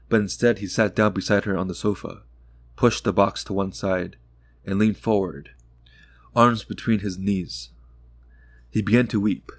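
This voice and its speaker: Low, measured male narrator for a sleep audiobook, calm reading, dry close studio sound. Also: dry recording.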